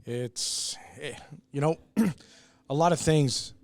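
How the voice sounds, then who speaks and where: A man's voice: fairly high pitch, takes it slowly, no echo. Candid man telling a personal story. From New York, US. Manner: candid, emotional storytelling with frequent restarts and swearing. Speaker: brewery owner, guest. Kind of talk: casual chat.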